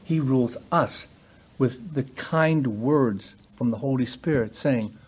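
Man, preacher, sermon, husky voice, emphatic, mid-range pitch. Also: slow pace. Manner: emphatic preaching, rising loud on key points.

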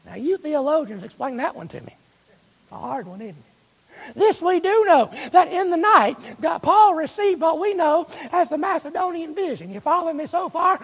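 A man preaching a sermon in a church, emphatic and full of rhetorical questions to the congregation, slowing down to stretch key phrases. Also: very high-pitched. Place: church sanctuary. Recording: long reverb of a church hall.

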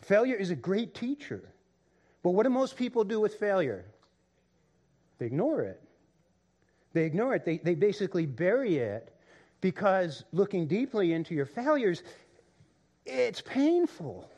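A male pastor preaching a sermon, swinging between loud excitement and quiet low emphasis, often repeating words as he builds a point. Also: a little slow, long pauses.

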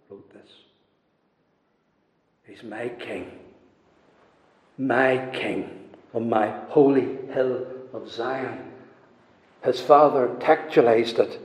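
A man preaching a sermon with a preaching cadence, moving between hushed passages and loud ones. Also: mid-range voice. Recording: echoey hall with long reverb.

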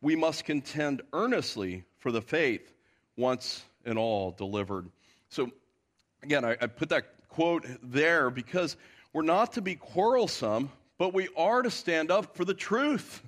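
A man's voice: on the high side, sing-song, measured pace, fairly bright tone. A man preaching a sermon to his congregation as pastor, emphatic, often asking the listeners rhetorical questions. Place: church.

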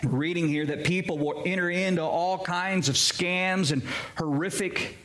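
A man's voice: high-pitched, fairly even intonation, moderate pace, a bit bright. A man preaching a sermon as pastor, earnest and direct, calling his listeners "guys" and asking them rhetorical questions.

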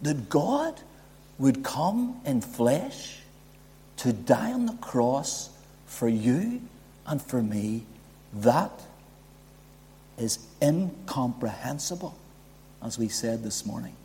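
A man's voice: mid-range voice, very animated, slow, long pauses, warm tone. A man preaching a sermon, building emphasis and asking rhetorical questions. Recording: long hall reverb.

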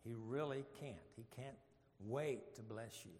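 A man's voice: mid-range voice, unhurried, darkish tone, big-room sound. A man leading an informal Bible study, folksy and joking, with rambling asides.

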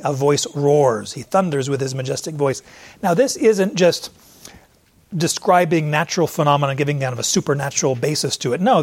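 A middle-aged man preaching a sermon, lively and acting out the voices he quotes. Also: a little high. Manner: animated, acts out voices in quotes. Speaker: pastor.

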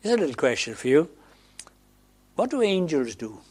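A man from Wales preaching a sermon in a conversational way, moving between loud emphasis and quiet asides. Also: a little high, big pitch swings, normal speed, husky.

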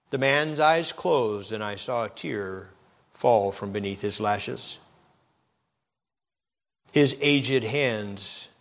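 A man preaching a sermon, telling a story dramatically and swinging between loud and hushed moments. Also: medium pitch, big-room sound. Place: church.

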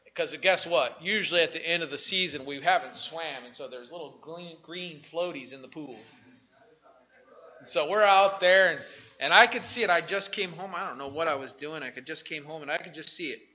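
Man, pastor, high bright voice, animated sermon delivery, dull lo-fi recording. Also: a little fast. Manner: animated preaching, swings from soft asides to shouting.

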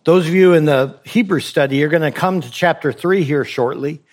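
A man's voice: a little high, moderate pace. A man preaching a sermon to his congregation, pressing his point with rhetorical questions and repeated phrases. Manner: exhorting, rhetorical questions, repetition for emphasis. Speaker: pastor.

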